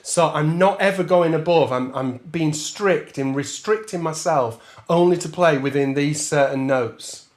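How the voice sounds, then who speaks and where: A man gives a relaxed trombone lesson, talking through ideas in a loose, chatty way. His voice sits a little high for a man. He laughs often and breaks into scat syllables while counting out bars. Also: a little slow, few pauses. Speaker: trombone teacher. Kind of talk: masterclass talk with sung counting.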